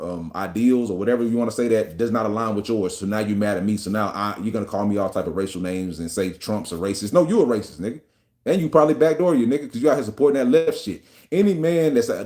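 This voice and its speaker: A man's voice: lowish voice, darkish tone. A man hosting a podcast, ranting in a profane, combative and mocking way about politics. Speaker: podcast host. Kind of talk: opinion rant on a podcast.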